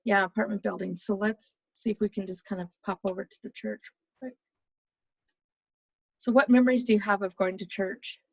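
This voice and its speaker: Chatty American woman, husky dry voice. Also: medium pitch, steady tone, moderate pace, pauses often, a little mellow, dry recording, highs cut off. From United States. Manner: chatty, nostalgic, talks over a map tour. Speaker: vlogger. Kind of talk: casual reminiscing chat.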